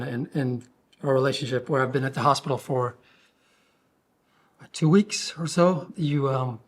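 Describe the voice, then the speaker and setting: A man hosting a podcast, recounting a personal story in a heartfelt, grateful way. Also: on the high side. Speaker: podcast host.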